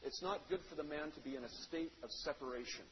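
A man preaching a sermon, reading scripture and then explaining it, with loud stressed phrases that drop to quiet endings. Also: on the high side, fast. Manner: emphatic, swings between loud stresses and quiet trailing phrases. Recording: dull lo-fi sound.

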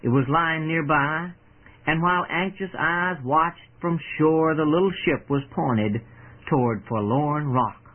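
A man with a somewhat high voice, preaching an earnest storytelling sermon that turns to pleading with his listeners. The sound is thin and phone-like, like an old radio broadcast. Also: a little slow.

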